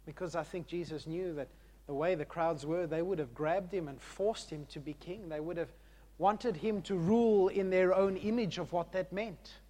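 A man preaching a sermon in an emphatic way, moving between hushed and loud passages and often repeating words. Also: high voice, moderate pace.

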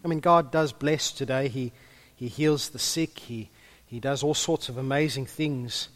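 A man's voice: mid-range voice, a little slow, a bit bright. A man preaching a sermon in a conversational way, with humorous asides and a few stumbles.

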